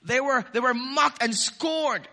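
A man's voice: very high-pitched, a little slow, bright, forceful tone. A man preaching a sermon to a congregation, explaining a passage point by point and putting questions to the listeners. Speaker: pastor. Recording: long hall reverb.

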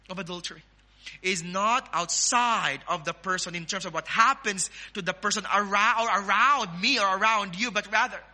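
A man with a Filipino accent preaching a sermon as pastor, emphatic, with sudden loud rises. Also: high voice.

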